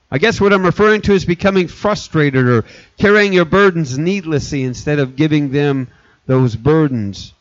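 A man's voice: fairly high pitch, no room sound. A middle-aged male pastor preaching a sermon, earnest and repetitive, circling back to restate his points. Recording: dull lo-fi recording.

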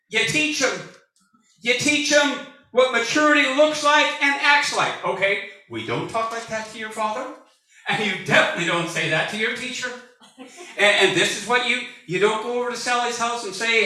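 A man in his early sixties preaching with a high, ringing, very bright voice. He jokes and builds to shouts, and he sounds set back from the mic in a reverberant church hall. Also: normal speed. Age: 60s. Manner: animated, jokey preaching with rising shouts. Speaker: pastor. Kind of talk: sermon. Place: church sanctuary. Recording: echoey church hall from far off.

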